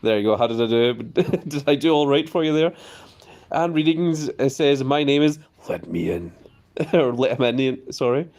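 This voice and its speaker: A man of medium pitch and normal speed hosts a casual game live stream, chatting about his cards and reading viewer messages aloud before answering. He gets excited easily, his voice jumping up when he greets people.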